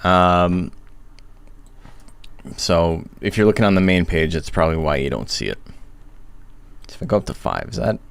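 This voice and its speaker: A man's voice: sits low, animated, moderate pace, gravelly, pauses often, clean tone. A man live-streaming in casual chat, rambling and self-deprecating while fighting hiccups. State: has hiccups.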